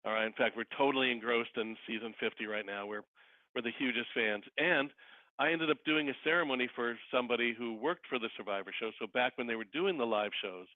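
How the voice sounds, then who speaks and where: Heard through a thin phone line with no room sound, a fast-talking male guest with a medium-pitched voice spins casual stories in an interview. He is a wedding officiant and celebrity impersonator, and he narrates with lively energy while imitating the people he quotes.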